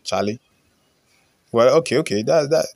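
Brief: young Ghanaian man, mid-pitched, dry close-mic read, casual reaction host with pidgin asides. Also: animated, normal speed, gravelly, darkish tone, no room sound. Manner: chatty, slips into pidgin, reads comments aloud. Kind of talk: casual reaction commentary, reading comments.

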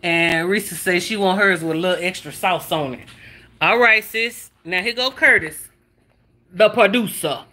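A woman's voice: fairly low pitch, moderate pace. A woman hosting a cooking livestream in casual, teasing chat, reading out viewer comments as she goes. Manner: lively, teasing, reads viewer comments aloud. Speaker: cooking show host.

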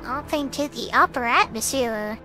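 A woman's voice: a little high, moderate pace. A woman streamer chatting casually as she plays, thinking aloud about the game. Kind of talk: casual gameplay commentary. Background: game music.

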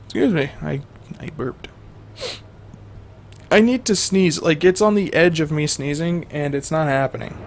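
A man's voice: a little high, a little slow, a little hiss or hum. A young man giving rambling, jokey let's-play commentary to his viewers as a gaming host.

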